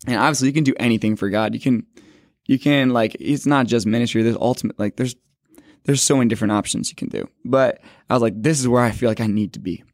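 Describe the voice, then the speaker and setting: In a studio-quality recording with no room sound, a twenty-year-old man with a medium-pitched voice casually shares his faith testimony. His personal story rambles, packed with "like" and quick self-corrections.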